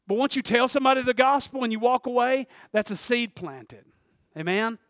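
High-voiced preacher, hushed to shouting. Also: male voice, a little fast, no room sound, studio quality. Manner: animated, swinging from hushed to shouting, laughing often. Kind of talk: sermon.

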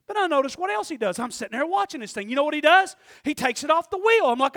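A preacher man delivering a sermon in a strikingly high voice, swinging from hushed asides to full shouts as he acts out his own prayers. The sound is close and dry, with no room around it. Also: lively intonation, rapid-fire, few pauses, dry recording.

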